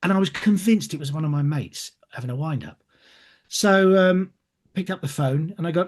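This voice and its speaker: This middle-aged man from England is an actor answering interview questions in a relaxed way. A chatty storyteller with a brisk, high-leaning voice, he acts out the voices of the people in his stories.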